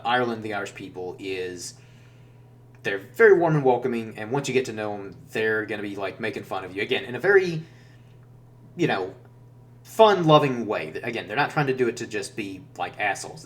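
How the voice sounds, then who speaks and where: A man vlogging casually about his travels, rambling with lots of fillers and self-corrections. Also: lowish voice. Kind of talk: casual chat. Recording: distant mic with faint hum.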